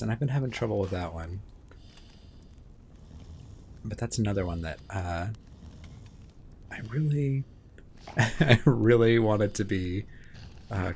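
A man mutters casual commentary while playing a video game in a let's-play, swearing and talking to himself. His voice is on the low side with vocal fry and a darkish tone, and there's a little hiss or hum in the recording.

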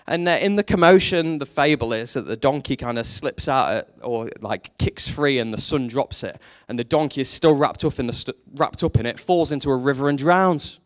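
A man preaching a sermon, telling a story with lively energy and briefly acting out the characters in it. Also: medium pitch, normal speed, few pauses. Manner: animated storytelling, acts out quoted characters.

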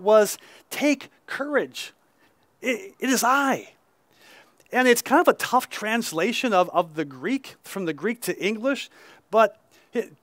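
Preaching outdoors, a high-pitched man with a slightly bright voice delivers a conversational sermon, recorded dry. As he reads, he keeps adding "right?" asides and restarting quickly.

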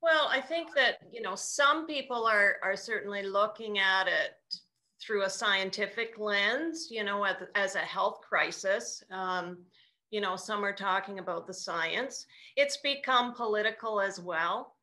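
A woman's voice: mid-range voice, measured pace, bright, forceful tone. A woman hosting a casual interview over a video call, asking thoughtful questions with frequent ums. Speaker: host.

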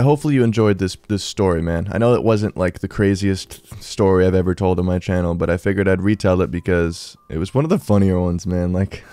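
A man's voice: lowish voice, no room sound. A young man telling a funny story in a casual vlog, full of "dude" and "bro". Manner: slangy, lots of "dude" and "bro", animated retelling.

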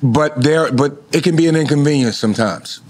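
A man as a podcast guest in casual chat, laid-back and profane, drawing out his thoughts slowly. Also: a little high, darkish tone.

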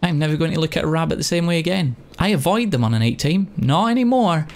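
A man giving casual gameplay commentary as a let's play host, excitable and swearing a lot. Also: fairly high pitch, fast.

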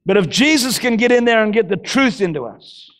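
A male pastor, preaching a fervent sermon that bursts into shouting. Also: high-pitched, expressive, fairly quick. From Australia.

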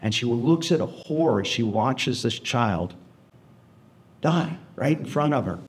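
A man, a historian, tells an animated story to an audience and keeps checking in with them. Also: medium pitch, a little slow. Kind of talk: storytelling lecture. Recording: roomy hall echo.

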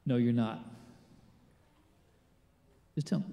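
Gravelly pastor preaching in a big church. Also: male voice, mid-range voice, steady tone, measured pace, pauses often, mellow. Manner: conversational preaching, quizzes the congregation. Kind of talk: sermon. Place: large church. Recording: echoey church hall with long reverb.

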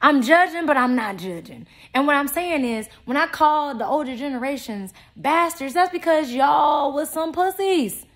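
A young adult woman in an unscripted vlog monologue, talking in a blunt, profane and confrontational way, with loud outbursts and low asides. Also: expressive, normal speed, few pauses. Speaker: vlogger.

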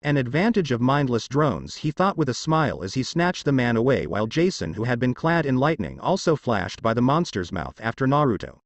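A man narrating an action fan fiction story in an expressive storytelling manner. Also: mid-range voice, a little fast, hardly any pauses, no echo.

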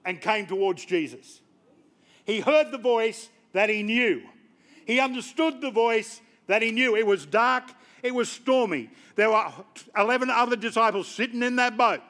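A pastor preaching a lively sermon in church, calling out members of the congregation by name. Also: male voice, very high-pitched. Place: church sanctuary.

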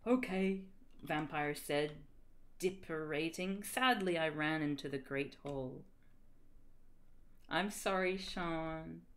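A woman's voice: low-pitched, takes it slowly, pauses often, a bit bright. A woman streamer reading fan fiction aloud on a livestream, giggling, reading melodramatically and tripping over misspelled words. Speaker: streamer host.

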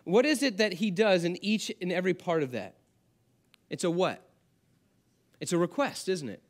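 A man's voice: high-pitched, animated, moderate pace. A man preaching a sermon as pastor, talking conversationally and asking the congregation questions.

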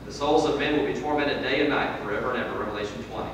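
A man preaching a sermon in a church, swinging from loud emphatic peaks to low, quiet drops. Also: rapid-fire, noisy background. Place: church hall. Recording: echoey hall from far off.

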